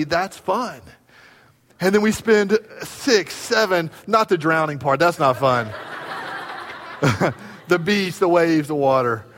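A man preaching a sermon in a church, telling stories and moving from quiet moments to loud ones. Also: high voice, long reverb tail. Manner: storytelling, animated, swinging from quiet to loud. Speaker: pastor. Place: church sanctuary.

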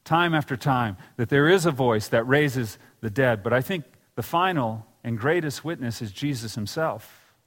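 A man's voice: medium pitch, animated, normal speed, a bit bright, long reverb tail. A man preaching a sermon in a church, telling scripture stories and acting out the quoted lines. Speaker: pastor. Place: church sanctuary.

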